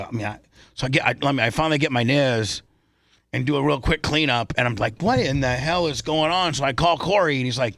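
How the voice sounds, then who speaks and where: A man's voice: mid-range voice, quick pace, gravelly, no echo, studio quality. A middle-aged male radio host telling a long, rambling story on the air and acting out the voices of the people in it. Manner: rambling, animated, acts out quotes.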